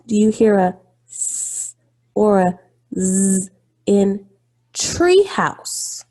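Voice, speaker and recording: Woman, phonics teacher, very slow, husky, patient, encouraging. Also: medium pitch, big pitch swings, mellow. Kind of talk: phonics lesson for young children.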